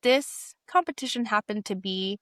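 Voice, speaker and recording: A woman's voice: medium pitch, normal speed, fairly bright tone, no echo, clean studio sound. A young adult woman sharing a personal story in a candid, hesitant way, with frequent fillers and self-corrections.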